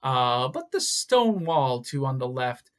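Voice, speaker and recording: Slow, deliberate male English teacher. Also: medium pitch, very animated. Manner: slow, deliberate, stresses words for learners. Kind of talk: slow vocabulary lesson for learners. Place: language school lesson video.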